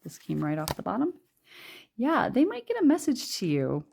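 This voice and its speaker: A woman giving a casual pick-a-card tarot reading, chatty and rambling with lots of fillers, pausing to read card messages aloud. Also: on the high side, wildly swooping pitch, gravelly, a little mellow, a little hiss or hum. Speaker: tarot reader.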